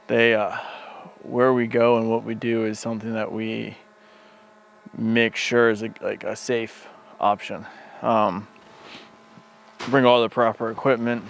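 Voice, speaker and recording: A man's voice: on the low side, gravelly. A man casually narrating a winter hiking trip for his travel vlog. He talks in a loose, rambling way with many fillers. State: out of breath. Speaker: vlogger. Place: outdoors in winter, later inside a vehicle.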